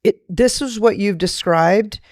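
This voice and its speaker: A woman's voice: mid-range voice, measured pace, a little mellow, dry recording, clean studio sound. A woman hosting a podcast interview, encouraging her guest with frequent affirmations. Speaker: podcast host. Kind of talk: casual interview chat.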